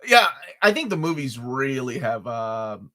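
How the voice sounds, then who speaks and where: A man from Peru co-hosting a casual live stream, animated and quick to laugh as he answers chat comments. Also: medium pitch. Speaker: co-host.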